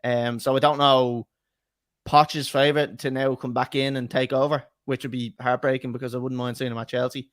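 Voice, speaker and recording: A man's voice: mid-range voice, level tone, normal speed, dry recording, clean studio sound. A man hosting a casual football chat podcast, teasing his co-hosts sarcastically and laughing often. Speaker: podcast host.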